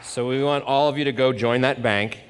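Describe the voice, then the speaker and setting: A man's voice: mid-range voice, steady tone, a little fast, slight background noise. A male pastor giving a sermon to his congregation, exhorting them and calling for amens. His voice sits mid-range and rings with long church hall reverb. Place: church sanctuary.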